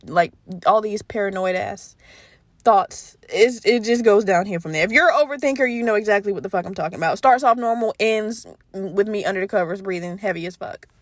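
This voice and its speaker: A young woman hosting a casual solo podcast, talking candidly with lots of profanity and animated storytelling. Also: medium pitch, brisk, dry recording, studio quality. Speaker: podcast host.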